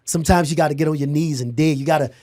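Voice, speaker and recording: A man with a somewhat high voice tells his own story on a podcast. He speaks with animated emphasis, restarts his sentences and laughs along the way. The recording is dry and close. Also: very fast, dry recording. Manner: repeats words, restarts sentences. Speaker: podcast guest, security company owner. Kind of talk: personal storytelling in a conversation.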